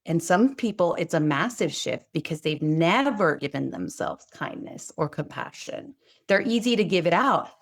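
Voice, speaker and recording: A woman's voice: moderate pace, creaky. A middle-aged woman co-hosting a heartfelt talk show, speaking casually and acting out her own quoted words with big jumps in her voice. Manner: expressive, acts out quotes with big pitch jumps. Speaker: podcast co-host. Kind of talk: casual chat.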